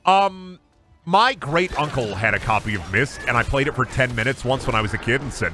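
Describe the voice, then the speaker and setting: A man's voice: medium pitch, brisk, pushed and bright, soft background music. A young man from Iowa streaming a game, rambling crudely and mocking himself, swearing often. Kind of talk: casual gaming stream commentary.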